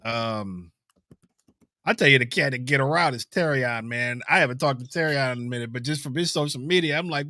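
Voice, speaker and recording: A man co-hosting a casual podcast, talking in a relaxed, rambling way with many fillers. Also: medium pitch, a little fast, dry recording, clean studio sound. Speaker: podcast co-host, musician. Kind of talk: casual chat.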